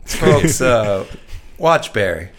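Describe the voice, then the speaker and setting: A man's voice: mid-range voice, sing-song, extremely slow. A man co-hosting a podcast, joking and swearing casually as he chats. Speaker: podcast co-host. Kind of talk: casual chat. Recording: faint noise and long reverb.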